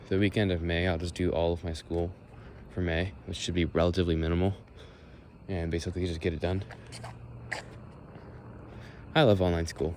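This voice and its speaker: A man's voice: low voice, darkish tone. A young American man chatting casually while walking outdoors, rambling and sarcastic, explaining things as he goes. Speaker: vlogger. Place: outdoors walking near a road. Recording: faint outdoor and traffic noise.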